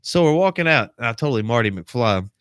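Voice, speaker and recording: A man hosting a crude, casual podcast with a bright, forceful voice. He tells rowdy stories and acts out the other people in them. The sound is dry and close to the mic. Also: mid-range voice, animated, fast, no echo. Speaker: podcast co-host.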